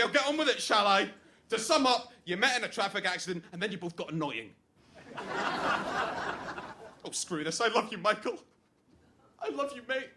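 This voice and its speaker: A man's voice: high-pitched, bright, forceful tone, a little hiss or hum. A man playing a jealous, crude best man giving a mocking comic wedding toast. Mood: declaring. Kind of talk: comic stage monologue.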